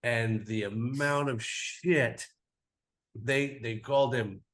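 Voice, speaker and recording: A man in his forties chats as a guest in a cigar podcast studio, spinning a travel story at an even, middling pitch. He rambles loosely, sprinkling "like" everywhere and swearing casually. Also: slow pace. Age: 40s.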